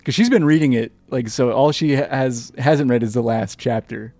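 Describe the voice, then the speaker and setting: A man's voice: medium pitch, moderate pace, dark tone, no room sound. A man co-hosting a podcast, chiming in on a film recap with laughter and profanity. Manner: profane, laughs often, jumps in to finish lines. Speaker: podcast co-host. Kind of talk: casual film review chat.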